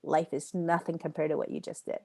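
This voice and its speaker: Low-voiced woman teaching a live class. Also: level tone, a little fast, creaky, a little mellow. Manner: chatty, reads out and answers students' typed questions by name; emphatic, repeats phrases for effect, laughs often. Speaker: yoga teacher-training instructor. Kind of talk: live online class lecture.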